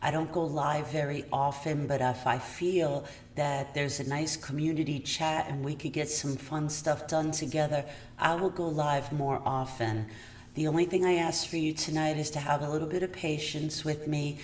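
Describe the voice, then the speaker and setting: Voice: mid-range voice, steady tone, moderate pace. A true crime channel host in casual livestream chat, friendly and apologetic, often checking whether the audio sounds right. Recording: echoey room audio, distant mic, faint noise.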